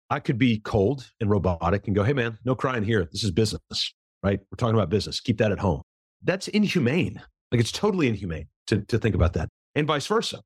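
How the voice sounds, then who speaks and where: A man's voice: mid-range voice, slightly rough, no room sound, studio quality. A man guesting on a podcast, earnestly explaining his coaching process and acting out bits of dialogue as he goes. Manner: earnest, emphatic, acts out quoted dialogue. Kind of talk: conversational interview answer.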